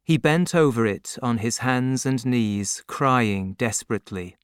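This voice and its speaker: A narrator reads a novel chapter at an unhurried pace, and the pitch rises and falls with a lot of expression. The voice is smooth and clear. It is recorded close and dry, with no room sound. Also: no echo. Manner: measured, expressive storytelling. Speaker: audiobook narrator. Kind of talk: scripted narration.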